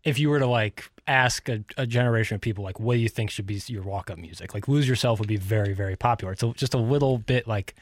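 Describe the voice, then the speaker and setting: A man's voice: lowish voice, quick pace, few pauses, no room sound, clean studio sound. A young man co-hosting a sports radio show, rambling casually with lots of "like" and defending his opinions. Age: young adult. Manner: rambling, heavy use of "like", defensive. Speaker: radio co-host.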